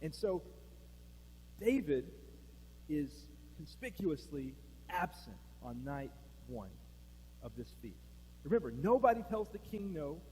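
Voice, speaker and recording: A pastor with a slightly high, very animated, warm voice with a breathy edge preaches slowly, with long pauses, in a church sanctuary. He tells a story conversationally, acts out quoted lines, and asks the room questions, recorded in a reverberant hall with a faint hum.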